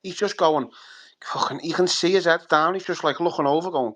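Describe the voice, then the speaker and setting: A man's voice: a little high, brisk. Blunt, sweary man ranting. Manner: blunt, sweary, animated, acts out players' thoughts. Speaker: podcast co-host. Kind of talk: heated football fan chat.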